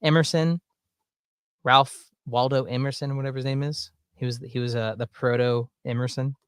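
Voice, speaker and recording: A man with a Southern US accent, rambling through casual watch-along commentary, full of fillers and quick laughs. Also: mid-range voice, fairly even intonation, smooth, no room sound, studio quality. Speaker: streamer reacting to videos.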